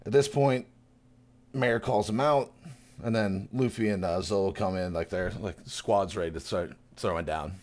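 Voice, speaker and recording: A man on a casual podcast, animatedly recapping a chapter and acting out the characters' lines with laughter. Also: normal speed. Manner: animated retelling, acting out characters with big pitch jumps and laughter. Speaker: podcast co-host.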